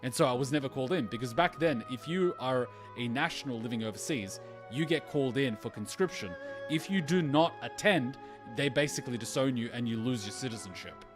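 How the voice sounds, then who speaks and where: A man's voice: mid-range voice, animated, a little fast, over music. A young man streaming a game reaction, chatting casually, rambling through a long story with swearing and laughter. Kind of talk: casual chat over gameplay.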